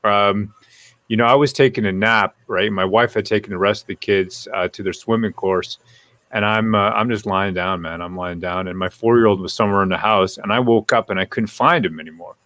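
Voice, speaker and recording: A man with a lowish voice hosts a casual live-stream chat, swearing freely and telling animated stories. He is recorded dry and close, with almost no room sound. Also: a little fast, no echo. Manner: profane, animated storyteller.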